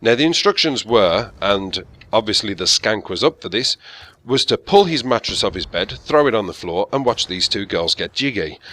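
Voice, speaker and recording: A man's voice: lowish voice, lively intonation, normal speed, bright, forceful tone. A man with a Birmingham accent, chatting candidly and rambling through a casual Q&A as a gaming channel host. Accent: Birmingham (Brummie). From England. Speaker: YouTube gaming commentator. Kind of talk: casual Q&A chat. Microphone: gaming headset.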